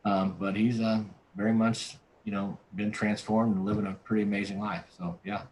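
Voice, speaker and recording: Deep-voiced man telling a story. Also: little pitch movement, normal speed, a little mellow, a little hiss or hum, poor audio. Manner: earnest storyteller with frequent restarts. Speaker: pastor and podcast guest. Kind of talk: storytelling in a conversational interview.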